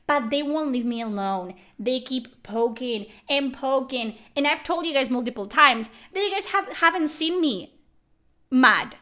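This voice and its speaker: Furious high-voiced woman ranting. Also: lively intonation, a little slow. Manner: furious, profane, yelling. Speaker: YouTuber. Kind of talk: angry rant to camera.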